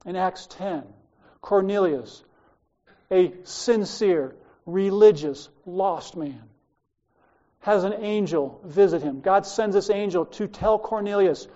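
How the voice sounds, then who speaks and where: An older Australian man preaches in a loose, conversational way, drifting into personal stories and asides. His voice is dark and mellow. The recording is slightly muffled and lo-fi. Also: high voice, measured pace. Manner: conversational storytelling, wandering asides.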